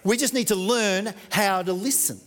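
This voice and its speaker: An Australian man preaching, telling a story in an earnest, chatty way. His voice sits a little high for a man. It rings out with the long reverb of a big hall. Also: moderate pace. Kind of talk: storytelling sermon.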